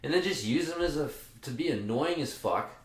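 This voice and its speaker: A man's voice: fairly high pitch, expressive, a little fast, echoey room. A man hosting a casual podcast, talking at length in a rambling, profane way with many restarts. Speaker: podcast host and jiu-jitsu coach. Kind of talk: casual chat.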